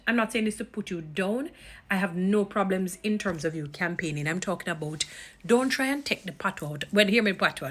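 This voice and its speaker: Jamaican woman, vlogger, a bit low-pitched, chatty, pet names, drops into patois now and then. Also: fairly bright tone. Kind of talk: casual direct-to-camera commentary.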